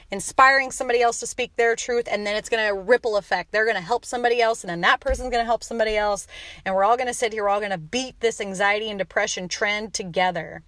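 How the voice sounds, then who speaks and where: A woman's voice: fairly high pitch, a bit bright, no echo. A woman hosting a motivational podcast, talking in a passionate, blunt rant with some swearing. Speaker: podcast host and coach.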